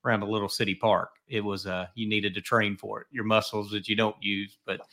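A man's voice: on the low side, little pitch movement, fairly quick, bright, forceful tone. A middle-aged man hosting a podcast, telling stories in a rambling, chatty way. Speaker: podcast host. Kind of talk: casual podcast chat.

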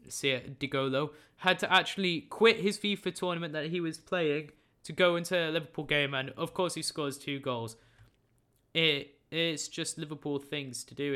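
A man's voice: fairly high pitch, pushed and bright, clear, resonant tone. A man hosting a football podcast, reading out scores and lineups in a chatty, jokey, opinionated way. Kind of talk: casual football results roundup.

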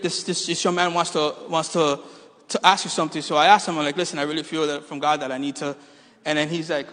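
A man's voice: high-pitched, bright, forceful tone. A middle-aged male pastor preaching a sermon, telling a personal story with jokes to his congregation. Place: church hall. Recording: reverberant hall.

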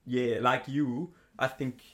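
Young man, halting chat. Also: mid-range voice, fairly even intonation, fairly bright tone. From Switzerland. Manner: halting, laughing, non-native phrasing. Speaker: podcast guest, triathlete. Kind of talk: casual chat.

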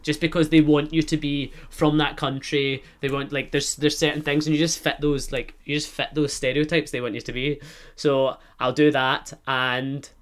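A man's voice: a little high, flat delivery, moderate pace, smooth. A young man with a Scottish accent, hosting a podcast in rambling casual chat, full of filler words. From Scotland. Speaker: podcast host.

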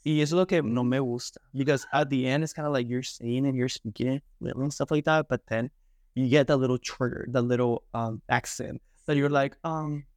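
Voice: medium pitch, steady tone, brisk, no echo, studio quality. A speaker chatting casually as a podcast co-host, blunt and profane, with lots of fillers. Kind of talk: casual chat.

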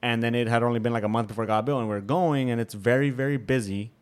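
A young man talks quickly in a relaxed, casual podcast chat, recorded at home. He swears freely and tells stories, acting out what other people said. His pitch sits in the middle of the range. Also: smooth. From Nebraska, US. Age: young adult. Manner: swears often, storytelling with acted quotes. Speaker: podcast co-host. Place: home room.

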